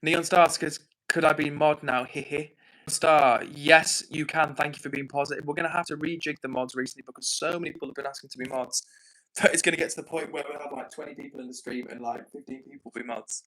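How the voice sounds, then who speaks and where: A man's voice: a little high, fairly even intonation, fairly quick, bright, forceful tone, low-quality recording. A man hosting a casual livestream, reading viewer comments aloud and chatting back in a rambling, apologetic way. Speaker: livestream host. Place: home in the north of England.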